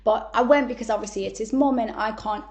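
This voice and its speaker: Animated, blunt woman with a higher voice. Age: 30s. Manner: animated, blunt, swears freely, quick asides. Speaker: podcast guest. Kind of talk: candid conversational storytelling.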